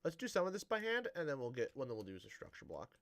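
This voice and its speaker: Man, casual stream chatter, lively bright voice, rambling, dry sarcastic tone. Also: medium pitch, rapid-fire.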